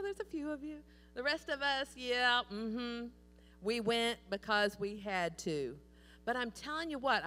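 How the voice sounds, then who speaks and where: Lady pastor preaching, lively folksy stories, mid voice, big echoey church. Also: mid-range voice. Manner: animated, folksy storytelling. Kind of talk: sermon. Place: church sanctuary. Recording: long church hall reverb.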